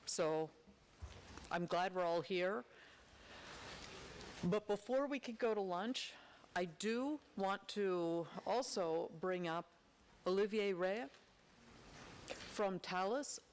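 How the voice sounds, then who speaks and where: A woman's voice: mid-range voice, slow, long pauses. A woman moderating a conference session, upbeat and gracious in her remarks. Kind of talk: hosting remarks. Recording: long hall reverb, faint noise.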